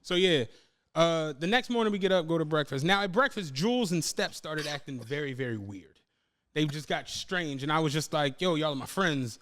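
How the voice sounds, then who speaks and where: A man's voice: on the high side, expressive, moderate pace, a bit bright. A young adult man hosting a podcast, telling a travel story in casual chat, acting out his friends' lines and swearing freely. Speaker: podcast host.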